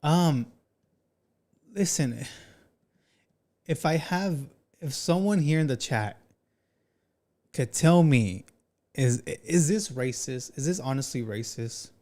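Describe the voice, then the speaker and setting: A man hosting a casual reaction commentary, animated and talking straight to his chat. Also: fairly high pitch, slow, pauses often. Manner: animated, talks to chat, says "bro" often. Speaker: commentary channel host.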